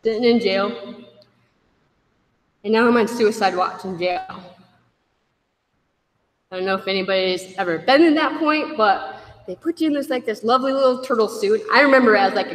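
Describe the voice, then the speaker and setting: A woman shares her own story with a group in a candid, wry way, briefly taking on the voices of the people in it. Her voice sits at a middle pitch. The sound carries the long echo of a big hall. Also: fairly quick, long pauses, a bit bright. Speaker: speaker sharing a recovery story. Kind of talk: personal testimony to a group. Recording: echoey hall.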